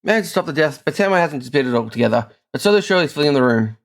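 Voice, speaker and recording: Low-voiced woman streaming a game. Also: lively intonation, rapid-fire. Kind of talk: casual game playthrough, reading dialogue aloud.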